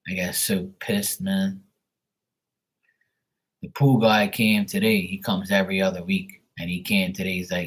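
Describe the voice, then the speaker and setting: A man with a very low, husky voice hosts a live stream. He talks in a loose, rambling way and swears freely. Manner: rambling, profane and laid-back. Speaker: livestream host. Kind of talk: casual chat.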